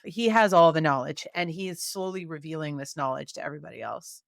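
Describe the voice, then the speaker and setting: A woman co-hosting a podcast, chatting in a relaxed, agreeable way about a movie. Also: low voice, quick pace, gravelly, dry recording, clean studio sound. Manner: easygoing, agreeable, laughs often. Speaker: podcast co-host. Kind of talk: casual movie review chat.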